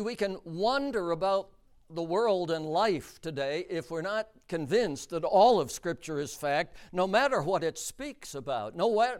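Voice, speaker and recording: A man preaching a sermon, emphatic and deliberate, repeating key words for stress. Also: high voice.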